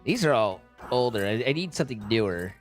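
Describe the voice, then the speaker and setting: A man's voice: lowish voice, sing-song, brisk, soft background music. A man streaming, chatting casually in a rambling, self-correcting way and laughing easily. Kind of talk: casual live-stream chat.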